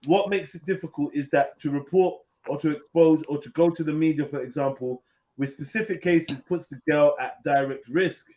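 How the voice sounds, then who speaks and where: A man hosting a casual live panel, reading an article aloud haltingly with jokes, over a video call. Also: a little high, warm tone. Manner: joking, reads aloud haltingly. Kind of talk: casual live-stream banter. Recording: dull lo-fi stream audio.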